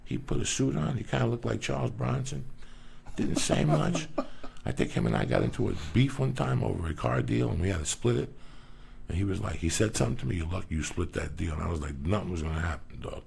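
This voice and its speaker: Gravelly, profane storytelling comedian. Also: male voice, mid-range voice, a little hiss or hum. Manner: profane, animated, rapid-fire. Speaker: comedian guest. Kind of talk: casual podcast storytelling.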